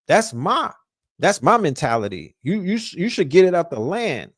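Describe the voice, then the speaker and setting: A man from Brooklyn with a strong New York accent spins loose, profane stories on his podcast. His voice sits fairly high and he keeps restarting his words as he builds momentum. The recording is dry and close, with no room sound. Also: very animated, normal speed, no room sound. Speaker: podcast host. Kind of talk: casual storytelling.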